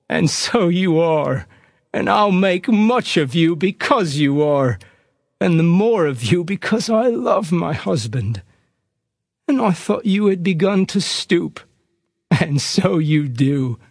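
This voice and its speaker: A man's voice: darkish tone, dry recording, clean studio sound, exaggerated voice. A man doing Missus Tetterby, a gushing tearful wife. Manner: high, gushing, slow and heartfelt.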